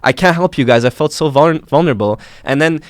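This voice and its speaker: A young man from Canada, a filmmaker earnestly retelling his arrest with animated, emotional storytelling. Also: a little high, fast talker, no room sound, clean studio sound. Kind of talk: emotional first-person storytelling.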